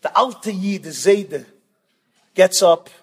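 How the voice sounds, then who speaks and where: A man preaching with dramatic, emphatic storytelling, calling out some lines loudly and dropping others low. His voice sits very high and sounds husky, with a long echo from a large hall. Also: lively intonation, slow. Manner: dramatic, emphatic, swings between loud and soft. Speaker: rabbi speaker at a yeshiva event. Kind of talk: sermon with storytelling.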